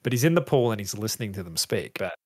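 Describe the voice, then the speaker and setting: A man hosting a casual film podcast, recapping scenes in an animated way and laughing often. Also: lowish voice, fast. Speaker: podcast host.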